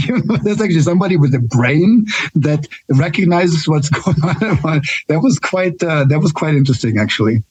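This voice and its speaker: A man's voice: on the high side, expressive, moderate pace, a little mellow, breathy edge, no echo, low-quality recording. A man in his sixties with a German accent, a nurse guest telling candid stories in a casual interview, often checking in with "right?". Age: 60s. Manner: candid, storytelling with frequent "right?" tags.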